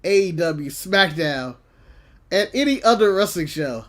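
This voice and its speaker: A man with a notably high voice co-hosts a casual wrestling podcast. He chats in an animated way, laughing often and acting out quotes as he tells stories. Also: measured pace. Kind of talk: casual chat.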